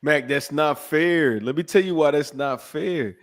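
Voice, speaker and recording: A man co-hosting a podcast, talking in an animated, teasing way and laughing often. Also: on the high side, unhurried. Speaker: podcast co-host. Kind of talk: casual chat.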